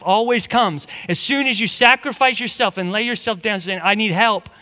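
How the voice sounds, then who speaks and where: Earnest high-voiced male pastor preaching. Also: sharp tone. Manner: earnest and conversational, with many restarts and fillers. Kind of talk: sermon. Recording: long hall reverb.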